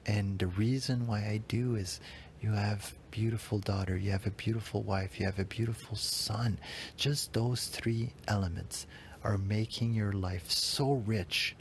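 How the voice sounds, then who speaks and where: A man with a fairly low voice talks through his feelings in a loose, rambling monologue. He is heartfelt and searching, and at times he speaks to himself directly. A faint hum of noise sits under his voice. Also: steady tone, normal speed, a little mellow. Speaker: podcast host. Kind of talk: emotional spoken reflection.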